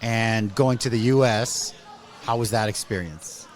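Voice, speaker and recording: A man's voice: on the low side, a little slow. A man hosting a podcast interview, easygoing and chatty, filling gaps with "okay" and "cool". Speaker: podcast host. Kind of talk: casual interview.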